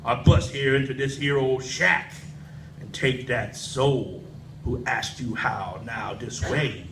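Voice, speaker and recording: A man voicing a sly, menacing male devil in a low, hushed, threatening voice. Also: slow, far from the mic, noisy background. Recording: echoey room.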